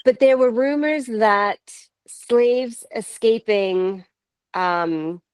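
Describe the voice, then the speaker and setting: Casting: woman, 30s, from Canada, unhurried animated storyteller, dry close sound. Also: a little high, clean tone, dry recording. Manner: animated, laughs often, quotes others. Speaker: paranormal investigator guest. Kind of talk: casual storytelling.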